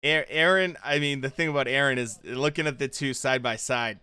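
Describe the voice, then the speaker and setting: A man runs a watchalong stream of a fight show, casually talking with chat and reacting to the episode with loose fan chatter. He speaks briskly in a medium-pitched voice with a sharp, clean tone and no room sound.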